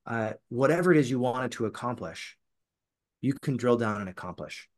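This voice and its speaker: A man's voice: medium pitch, animated, fairly quick. A man hosting a podcast, asking his guest questions in an enthusiastic, admiring way. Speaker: podcast host. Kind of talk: interview chat.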